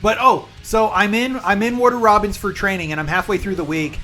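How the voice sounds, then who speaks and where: A man streaming live, chatting with viewers and rambling through a long personal story, pausing to explain terms. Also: sits high, sharp tone, soft background music.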